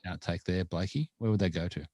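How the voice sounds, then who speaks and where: A man's voice: low-pitched, brisk, warm tone, no room sound, clean studio sound. A man co-hosting a golf podcast in casual chat, rambling with many fillers and restarts.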